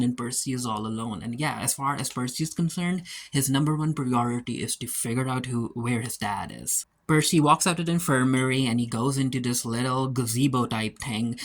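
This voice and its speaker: A man's voice: medium pitch, a bit bright. A man giving a casual episode recap as a reviewer, retelling the plot loosely with lots of fillers and quoted lines. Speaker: show reviewer.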